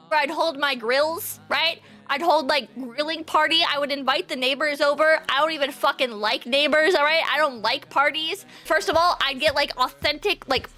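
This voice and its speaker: A woman streamer rambling through casual commentary, joking and swearing freely. Her voice sits high and sounds very bright, with faint music playing behind her. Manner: profane, rambling, jokey.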